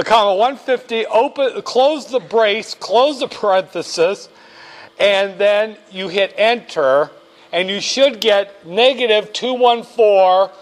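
Male finance instructor, high voice, slow deliberate delivery, wry jokes, patient step-by-step teaching. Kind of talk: classroom lecture.

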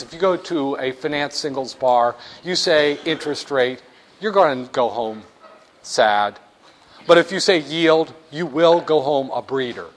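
A man's voice: a little high, a bit bright, a little hiss or hum. A man giving a classroom finance lecture, wry and joking, acting out little scenes for his students.

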